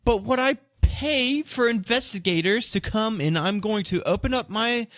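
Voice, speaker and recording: A man's voice: high voice, a bit bright, dry recording, clean studio sound, pitched above the performer's own voice. A man putting on a flustered merchant. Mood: defensive. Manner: indignant, protesting, talks fast. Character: fussy, defensive male noble merchant.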